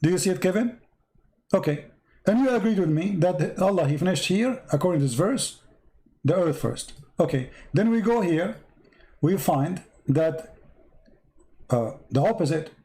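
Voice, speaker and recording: A man hosting a live stream debate, insistently repeating his questions to a caller and reading verses aloud, his voice going hoarse. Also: sits high, animated, moderate pace, long pauses, warm tone, low-quality recording. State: losing his voice.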